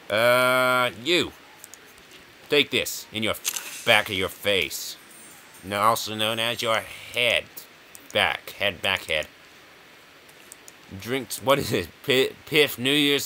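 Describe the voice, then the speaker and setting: Bright-voiced man rambling over a game. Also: fairly low pitch, a little hiss or hum. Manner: rambling, jokey, chuckles often. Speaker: gaming video host. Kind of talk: casual let's-play commentary.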